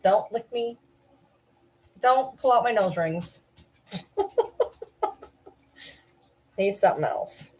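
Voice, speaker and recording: A woman sits at home talking on a livestream in a middle-pitched voice. She croons sing-song baby talk at her dogs and breaks into laughter easily. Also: expressive, slow, long pauses, a little mellow. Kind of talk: casual livestream chat.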